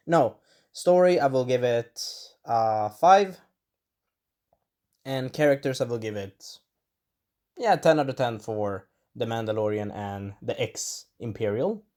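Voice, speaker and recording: A man of middling pitch talks through an episode review in a loose, rambling way. He corrects himself mid-sentence and stops now and then to clear an irritated throat. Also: darkish tone. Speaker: show reviewer. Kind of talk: casual spoken episode review.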